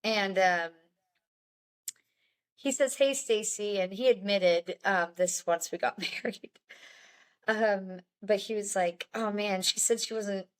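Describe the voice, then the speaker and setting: A woman's voice: mid-range voice, slow pace, clear, resonant tone. Young woman guest, candid storyteller, chatty with small laughs. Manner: chatty, many "like"s, laughs between lines.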